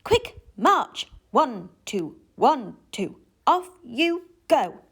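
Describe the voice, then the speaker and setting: Storybook dad, hearty and bossy, pitch bouncing about, as a woman reader does him. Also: sing-song, drawn-out words, creaky, bright, forceful tone, husky, exaggerated voice. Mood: commanding. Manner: hearty, commanding. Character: cheerful bossy dad organising his kids.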